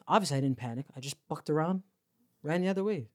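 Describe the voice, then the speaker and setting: A man's voice: on the high side, fast, no room sound, studio quality. A young man with a Toronto accent telling a story on a podcast, acting out the voices and laughing as he goes. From Canada. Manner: animated storyteller, acts out quotes, laughs often. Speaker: podcast host. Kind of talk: casual storytelling.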